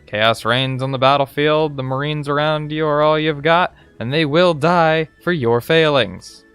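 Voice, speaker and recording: A man reading out a gruff, harsh male Marine drill sergeant from a video game, barking insulting commands. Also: a little high, fairly bright tone, dry recording, natural voice. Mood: scornful.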